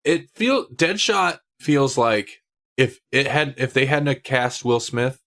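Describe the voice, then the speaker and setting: A man's voice: medium pitch, animated, takes it slowly, fairly bright tone. A man co-hosting a podcast, chatting casually and laughing often. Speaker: podcast co-host. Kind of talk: casual chat.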